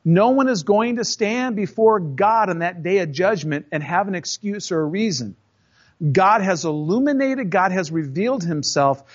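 High-voiced pastor preaching in a conversational, storytelling way. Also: male voice, animated, normal speed, lo-fi sound. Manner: storytelling, acts out voices in anecdotes; conversational, addresses the congregation directly. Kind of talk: sermon.

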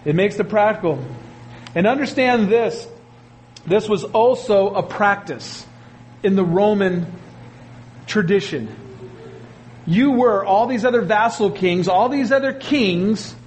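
A pastor preaching a sermon, animated, with his voice jumping up for emphasis and asides to the congregation. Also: high voice, slight background noise, poor audio.

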